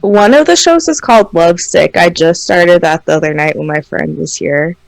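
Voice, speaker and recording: Gravelly, laid-back young woman. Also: on the low side, normal speed, no room sound, poor audio. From Washington and Oregon. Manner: laid-back, giggly, swears casually. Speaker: co-host. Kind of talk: casual podcast chat.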